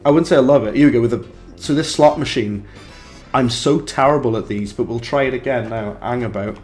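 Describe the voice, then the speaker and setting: Brief: young male game streamer, mid-pitched voice, talkative, reacts out loud as he plays. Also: fairly quick, faint music behind. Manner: chatty, reacts aloud and banters with chat. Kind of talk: live gameplay commentary.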